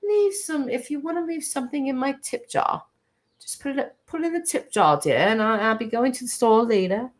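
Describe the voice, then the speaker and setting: A woman playing a prim, regal, proper-spoken English gentleman host with genteel, affected politeness. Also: sits high, expressive, a little fast, pitched above the performer's own voice. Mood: coaxing.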